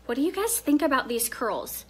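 A woman from Tennessee with a Southern accent, chatting casually on a live phone video, answering viewer comments and dropping to soft murmurs while she works. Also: high-pitched, expressive, normal speed. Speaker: live-stream hair demonstrator.

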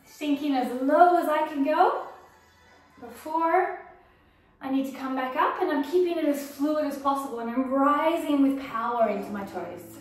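A woman's voice: high voice, normal speed. A woman fitness instructor guiding a workout, encouraging and cueing moves and counting time. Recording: echoey room, mic far off, faint music.

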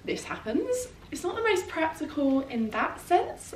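A woman's voice: extremely high pitch, big pitch swings, a little slow. Gushing British woman, echoey room. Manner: chatty and gushing, full of "like". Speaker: fashion vlogger. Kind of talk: casual try-on haul chat. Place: at home in her flat. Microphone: camera mic set a little way off. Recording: roomy echo, distant mic, faint room hum.

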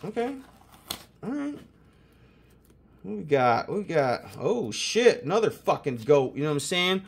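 A young man rips through his mail-day cards with hyped, foul-mouthed commentary. His pitch leaps and drops all over the place as he cheers some cards and grumbles at others. It sounds like an off-the-cuff chat to his viewers. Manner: profane, excitable, hyped. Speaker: host opening sports cards. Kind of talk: casual card-opening commentary.

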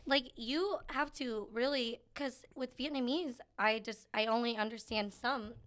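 High-voiced woman chatting and laughing. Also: a little slow. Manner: animated, laughs often, acts out quoted lines. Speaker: podcast guest. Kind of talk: casual chat.

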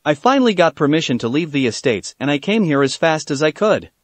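A man reading the lines of a shy, devoted teenage ninja girl, soft and earnest, in his own voice. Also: low voice, very animated, a little fast, no echo. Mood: worried, relieved.

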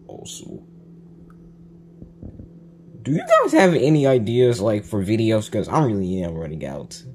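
Casting: weary creator outro, offhand and mumbling, slow, with faint background noise. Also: mid-range voice, sing-song. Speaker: video creator. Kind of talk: casual outro to viewers.

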